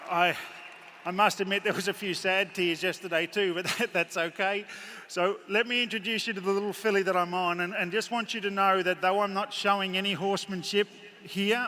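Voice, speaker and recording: An Australian horseman talks to the crowd from the saddle in a high, bright voice, swinging between jokes and tearful warmth. His headset mic picks up the long echo of a big indoor arena with faint ambience behind. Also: fairly even intonation, fairly quick, a little hiss or hum. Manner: emotional, joking, chatty storyteller. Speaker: horse trainer giving a clinic. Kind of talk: live clinic commentary from horseback.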